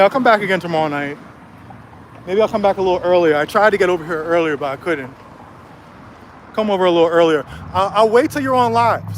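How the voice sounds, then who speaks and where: A man's voice: high voice, slight background noise. A man ranting angrily on a livestream from a city street, swearing and taunting a rival, recorded on a cell phone. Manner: angry, profane, taunting.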